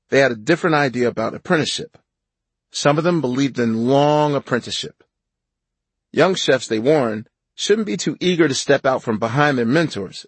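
A man narrating his own nonfiction audiobook in a measured, reflective way. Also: mid-range voice, husky, dry recording.

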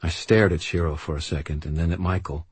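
Deep, husky male audiobook narrator. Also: a little fast, no echo. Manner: grim, steady storytelling. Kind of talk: first-person audiobook narration.

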